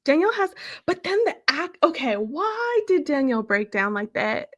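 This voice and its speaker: A woman's voice: high voice, sing-song, dull audio. A woman hosting a podcast, chatting casually and emphatically as she recaps a reality show. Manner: emphatic, quick to agree. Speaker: podcast host.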